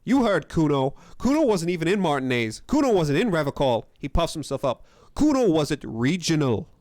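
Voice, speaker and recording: A man's voice: a little high, very animated, a little fast, no echo, clean studio sound. A young man voicing a cocky, foul-mouthed boy of about twelve who swaggers and talks about himself by name.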